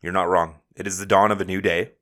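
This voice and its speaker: A man's voice: deep voice, flat delivery, fast, fairly bright tone. A young man co-hosting a wrestling podcast, chatting casually, joking and swearing freely. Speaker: podcast co-host.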